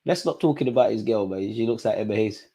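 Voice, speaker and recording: A man's voice: on the low side, fast, mellow, slightly rough. London man bantering on a live stream. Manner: playful banter with chat, heavy slang, frequent laughs. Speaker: streamer host. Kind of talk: live football watch-along commentary.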